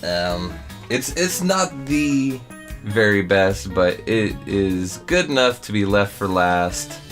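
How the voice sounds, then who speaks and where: A man's voice: fairly low pitch, expressive, slow pace, fairly bright tone, faint music behind. A man co-hosting a podcast, telling a story casually with swearing and laughter. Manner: laughing, swearing storyteller who acts out quoted voices. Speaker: podcast co-host.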